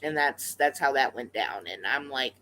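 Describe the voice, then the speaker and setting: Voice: medium pitch, moderate pace, bright, forceful tone, a little hiss or hum, rough recording. A pet rat vlogger telling a story casually to the camera, rambling with lots of fillers and restarts. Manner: chatty and conversational.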